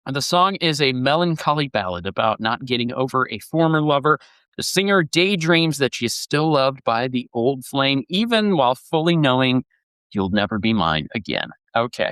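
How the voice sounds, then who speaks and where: Male podcast host, rambling and enthusiastic, smooth tone, bone-dry close-miked sound. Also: medium pitch, sing-song, moderate pace, a bit bright, dry recording. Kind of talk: casual podcast chat.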